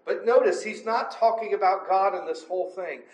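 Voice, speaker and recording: A man's voice: high-pitched, moderate pace. A man preaching in a conversational Bible teaching style, emphatic and often asking for agreement. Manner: emphatic, asks for agreement with "right?" and "amen?". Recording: roomy echo.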